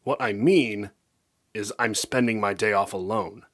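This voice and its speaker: Withdrawn loner male pony, read by a man; low, plain, matter-of-fact storybook voice. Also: unhurried, a bit bright. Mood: flat. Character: quiet, reserved, solitary male pony.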